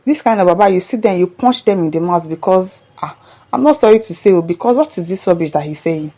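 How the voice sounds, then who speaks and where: A woman's voice: on the low side, animated, quick pace, warm tone, dull audio. A woman with a Nigerian accent hosting a commentary show, reacting to viewer comments in an exasperated, indignant rant.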